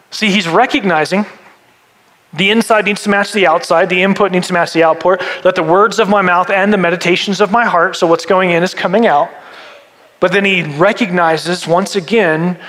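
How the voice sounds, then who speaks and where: Middle-aged male pastor, high-pitched voice, conversational sermon delivery. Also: moderate pace, fairly bright tone, low-quality recording. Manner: conversational preaching with asides and self-corrections.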